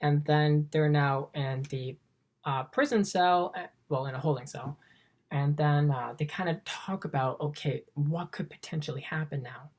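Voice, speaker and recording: Woman film reviewer, deep low voice, eager and rambling scene-by-scene recap. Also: normal speed, a little mellow.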